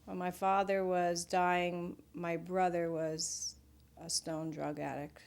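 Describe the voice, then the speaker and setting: An older woman speaks in a documentary interview, with a fairly low voice. She tells family stories in a lively, anecdotal way. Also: slow.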